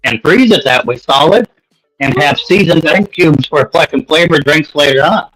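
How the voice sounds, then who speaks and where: A man's voice: fairly high pitch, lively intonation, moderate pace, fairly bright tone, poor audio. A man chatting casually on a livestream, laid-back, explaining things plainly and joking. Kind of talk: casual chat.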